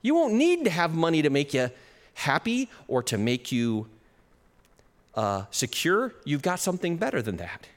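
A man preaching a sermon as pastor, animated, with chuckles and shifts in pace. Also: a little high, normal speed. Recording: long reverb of a hall.

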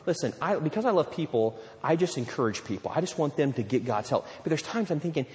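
Man, pastor, sermon, high voice, lively delivery, playful quoted asides, long hall reverb. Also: fast. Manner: animated preaching with playful acted-out quotes.

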